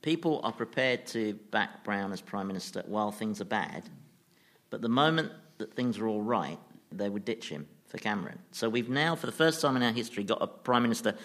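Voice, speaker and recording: A man's voice: fairly low pitch, animated, fairly quick, fairly bright tone. A man on a comedy panel, making sardonic remarks.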